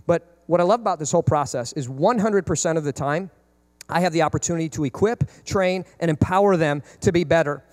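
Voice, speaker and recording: A man in his thirties, a pastor preaching a sermon, animated and acting out quoted parents and kids. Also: a little high, brisk, in a large hall.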